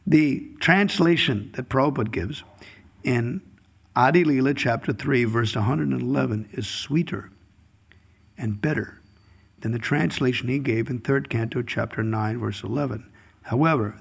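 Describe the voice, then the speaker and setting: A man's voice: mid-range voice, normal speed, gravelly, breathy edge. A man giving a devotional scripture class in a chuckling, storytelling way, chanting verses at times. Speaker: scripture speaker.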